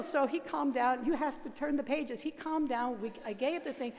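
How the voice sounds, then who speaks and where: An older Catholic sister telling her life story at a worship service, lively and self-mocking, laughing often. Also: high voice, moderate pace, few pauses, big-room sound, noisy background. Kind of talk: storytelling talk. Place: large seminary chapel.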